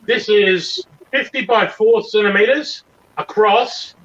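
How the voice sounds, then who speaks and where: A man's voice: high-pitched, slow pace, a bit bright, highs cut off. A man chatting on a video call, rambling and eager, often restarting his sentences. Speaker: regular panelist. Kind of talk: casual chat on a video call.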